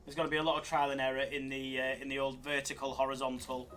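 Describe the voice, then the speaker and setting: A man hosting a live slots stream, joking with his co-host and reacting loudly to spins. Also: medium pitch, completely flat delivery, quick pace. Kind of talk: live-stream casual banter. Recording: music playing behind.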